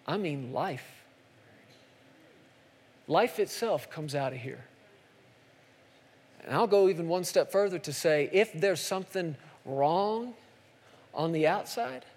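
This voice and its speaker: Male pastor, sermon delivery, high-pitched, punchy repeated calls, reverberant church room. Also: darkish tone. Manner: preaching with rising intensity and repeated calls.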